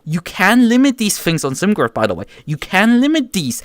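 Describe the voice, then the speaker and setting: Exasperated swearing male streamer, lively pitch. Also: moderate pace, few pauses, no echo, clean studio sound. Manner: exasperated, swears often, stammers and restarts. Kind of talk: casual livestream rant.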